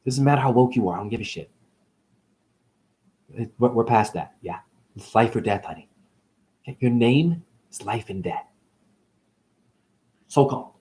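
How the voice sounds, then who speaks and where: Cussing guy ranting about spiritual stuff, jokey, loud then muttering. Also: mid-range voice, expressive, moderate pace, long pauses. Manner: swings between loud rants and murmurs; profane, jokey. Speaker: spiritual talk host. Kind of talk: rambling profane monologue.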